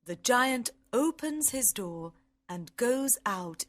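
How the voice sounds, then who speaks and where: A woman reading a simple story aloud with careful, clear delivery for English learners. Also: on the high side, animated, slow, a bit bright, faint music behind.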